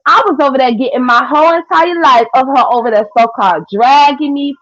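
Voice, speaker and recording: A young woman, chatting casually with viewers on a livestream in a sassy, trash-talking way with loud cackling laughs. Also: high-pitched, brisk, hardly any pauses, dry recording. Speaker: livestream host. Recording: dull lo-fi stream audio.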